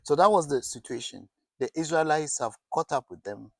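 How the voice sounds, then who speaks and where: A man's voice: on the high side, lively intonation, moderate pace, creaky, no room sound. Man preaching with questioning restarts. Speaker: pastor. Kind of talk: sermon.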